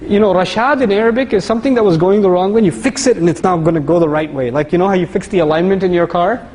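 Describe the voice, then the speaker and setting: A man giving a lively, conversational sermon-style lecture, reciting Arabic verses and explaining them. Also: high voice, fast talker, long reverb tail, poor audio. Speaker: Islamic lecturer.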